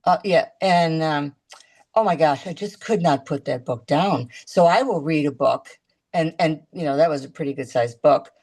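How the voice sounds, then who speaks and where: A woman talking as a guest in a casual video-call chat, chatty and halting, restarting her sentences often. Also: low voice, darkish tone, husky.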